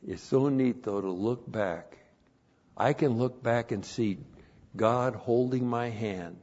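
A man's voice: medium pitch, takes it slowly, a little mellow. A man preaching a sermon with Bible teaching, repeating phrases for emphasis and spelling out words letter by letter. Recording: dull lo-fi recording.

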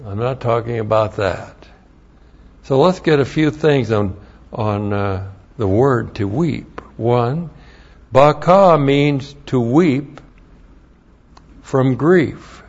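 Working slowly through scripture verse by verse, this preacher repeats key phrases and spells out Hebrew words one letter at a time. He has a mid-range, slightly mellow voice, and the audio is dull.

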